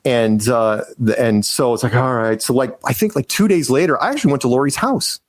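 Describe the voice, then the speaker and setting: A man's voice: mid-range voice, a little fast, no echo. Guy rambling through a story on a podcast, lots of restarts, dry sound. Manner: rambling, with many restarts and acted-out quotes. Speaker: podcast guest. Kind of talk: casual storytelling in an interview.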